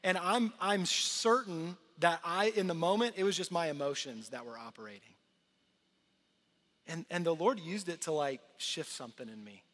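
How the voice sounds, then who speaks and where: Pastor, middle-aged man, high voice, earnest conversational sermon, long hall reverb. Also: normal speed, a bit bright. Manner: earnest, conversational preaching with repeated restarts.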